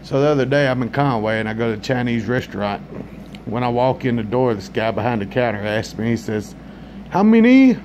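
A man's voice: medium pitch, fairly even intonation, fairly quick, a little hiss or hum. A man telling a comic story in a laid-back drawl, talking straight to his listeners. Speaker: comedian.

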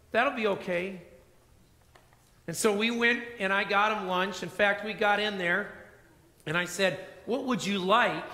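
A man preaching a sermon as pastor, telling a personal story and acting out the dialogue in a quieter voice. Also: sits high. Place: church sanctuary. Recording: echoey church hall reverb.

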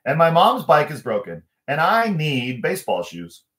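A man's voice: fairly high pitch, wildly swooping pitch, moderate pace, fairly bright tone, pitched above the performer's own voice. A man doing an earnest, pleading young boy. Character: eager young boy, worried about his family. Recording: echoey room.

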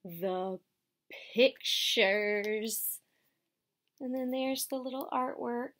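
A woman teacher reading a picture book aloud to children and asking them questions in an expressive storytelling manner. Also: fairly high pitch, drawn-out words.

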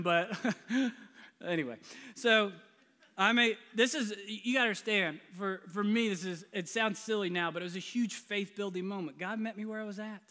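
A high, bright-voiced middle-aged man preaches in a storytelling way, poking fun at himself and laughing along the way. His voice carries a long reverberant tail through a large church sanctuary. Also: moderate pace. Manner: humorous, self-deprecating, laughs often. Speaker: pastor. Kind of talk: storytelling sermon.

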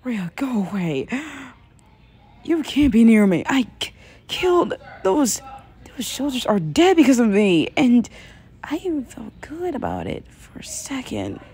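Woman plays brooding male hedgehog in a fan audio drama, loud, bitter and self-loathing. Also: a little high, very animated, unhurried, slightly rough, voice pushed up, heavily acted. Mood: anguished.

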